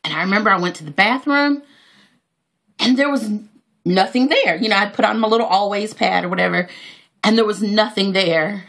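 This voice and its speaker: A woman's voice: medium pitch, a little fast, creaky, a bit bright. A woman, telling a heartfelt personal story to her viewers with many fillers and praise for God. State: near tears. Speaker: vlogger.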